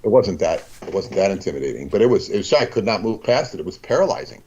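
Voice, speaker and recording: A man talking as a guest in a casual conversation, rambling and halting, with many restarts. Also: fairly low pitch, sing-song, a little mellow, slightly rough, highs cut off.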